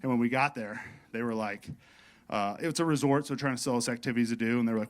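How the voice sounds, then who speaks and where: A man's voice: medium pitch, quick pace. A male stand-up comedian telling a profane, rambling set in a comedy club, leaning on "you know what I mean" over audience laughter.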